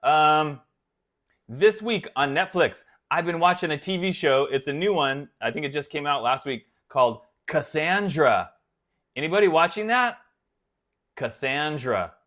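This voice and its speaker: A man's voice: on the high side, animated, a little slow, fairly bright tone. A man hosting a guitar channel, chatting casually on a live stream and rambling until he loses his thread.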